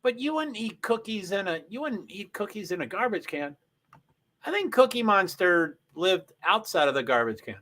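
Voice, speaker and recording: A man hosting a casual livestream, rambling through race positions with frequent throat clearing and self-interruptions. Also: high voice, sing-song, moderate pace, sharp tone. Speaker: livestream host. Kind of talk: casual live race commentary.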